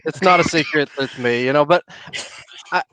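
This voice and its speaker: A man, a wrestling promoter, telling a story as a podcast guest in a relaxed, self-deprecating way. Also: a little high, normal speed, no echo. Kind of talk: casual storytelling.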